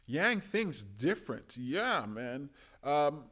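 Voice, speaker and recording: A man hosting a solo political commentary show, talking with passion, swinging from loud urging to low, hushed asides. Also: big pitch swings, slow.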